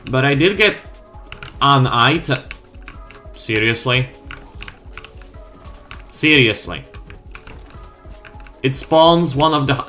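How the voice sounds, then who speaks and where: A woman's voice: rumbling low, fairly bright tone. A woman streamer chatting casually over gameplay, sweary and wry, often mocking herself.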